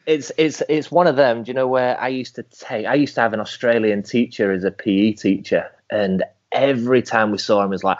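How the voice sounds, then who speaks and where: Laid-back English podcast host, muffled and dry. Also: male voice, medium pitch, brisk, few pauses, no echo. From England. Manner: laid-back, laughs easily. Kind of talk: casual interview chat over a call. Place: hotel room. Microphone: internet call.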